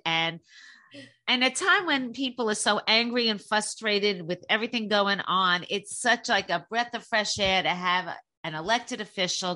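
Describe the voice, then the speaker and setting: A woman podcast host with a bright, clear voice of middling pitch. She praises her guest in a chatty, flowing way, easing into long, winding sentences. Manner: warm, praising interviewer. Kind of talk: podcast interview.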